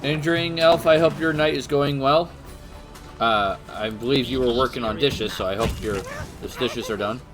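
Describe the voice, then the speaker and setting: A man chats casually on a livestream at an ordinary pitch, pausing often and filling gaps with hesitant sounds. Faint music runs quietly behind him as he greets viewers and trails through his stories. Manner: relaxed, halting with many fillers, greets chat viewers. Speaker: livestream co-host. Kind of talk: casual chat.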